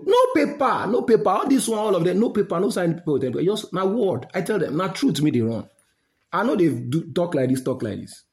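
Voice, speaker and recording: Heated Nigerian man, lively pitch. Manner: heated, repetitive, mixes pidgin and Yoruba. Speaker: website founder addressing listeners. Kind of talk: angry monologue to listeners.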